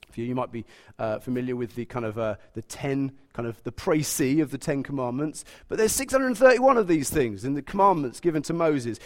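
A man in his thirties preaching a sermon, telling stories with animated, humorous asides. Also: mid-range voice, a little fast.

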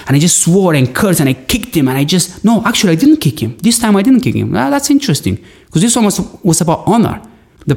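A man's voice: on the high side, a little mellow. A man sharing an emotional personal story in an earnest, searching way, with many restarts. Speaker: guest.

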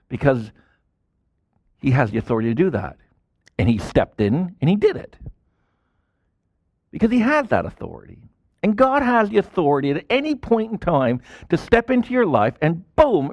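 A man preaching a sermon as a pastor, in animated style with sudden loud bursts and quiet drops. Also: a little high, dry recording, clean studio sound.

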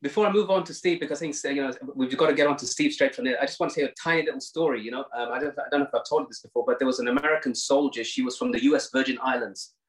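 A man's voice: medium pitch, very fast, hardly any pauses. A man from England hosting an interview, chatty and eager to move the talk along. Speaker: host. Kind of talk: conversational interview.

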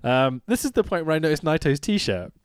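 A man co-hosting a wrestling podcast, recapping a match in casual chat, excitable and quick to laugh and swear. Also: fairly high pitch, clean tone, no echo, studio quality. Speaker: podcast co-host.

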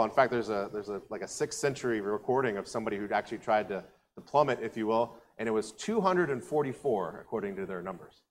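A man's voice: on the low side, in a large hall, a little hiss or hum. A man preaching a conversational sermon as a pastor, telling the story casually with frequent asides. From United States. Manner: animated storytelling, acting out quoted voices; casual asides and filler words.

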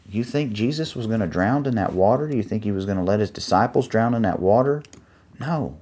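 A man preaching an earnest sermon, pausing to find his place and reading scripture aloud. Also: fairly low pitch, lively intonation, darkish tone. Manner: earnest, reads scripture aloud with pauses while finding pages.

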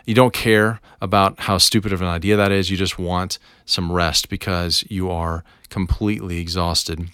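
Deep smooth-voiced man telling a story. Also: fairly even intonation, moderate pace, hardly any pauses, fairly bright tone, no room sound, studio quality. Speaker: devotional podcast host. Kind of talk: reflective personal storytelling.

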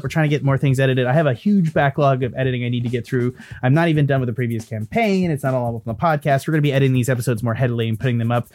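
A man's voice: mid-range voice, a little mellow. Swearing, joking man hosting a tabletop game. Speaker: dungeon master and host. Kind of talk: casual tabletop game chat.

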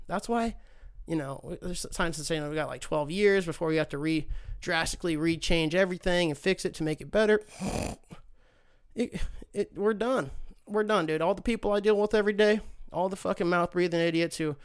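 A man's voice: high voice, brisk, smooth. A man hosting a podcast alone, rambling through a casual rant with lots of profanity and sarcasm. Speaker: podcast host.

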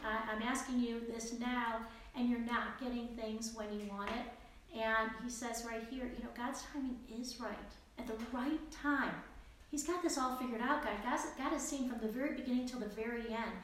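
A woman teaches a casual Bible study in an earnest, chatty way, restarting her sentences often. Her fairly high voice rings through a very echoey room, and a faint background noise runs under it. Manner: earnest, conversational, many fillers and restarts.

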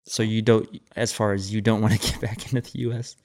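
A man's voice: lowish voice, flat delivery, quick pace, darkish tone. A man hosting a casual chat, joking around with slang and frequent laughter.

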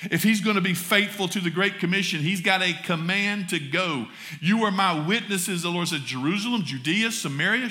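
Southern preacher guy, high bright voice, folksy sermon talking to the church like y'all know. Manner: folksy, addresses congregation as y'all. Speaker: pastor. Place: church sanctuary.

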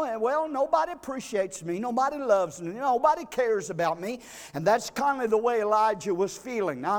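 High-voiced preacher in a reverberant hall. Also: male voice. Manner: builds to shouting climaxes, then drops to a hush; conversational, with fillers and call-outs to the congregation. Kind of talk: sermon.

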